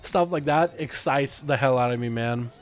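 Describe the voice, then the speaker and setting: A young man hosting a casual gaming livestream, sick, talking in an excitable, rambling way and laughing often. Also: mid-range voice, normal speed, faint music behind. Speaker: livestream host. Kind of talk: casual gaming stream chat.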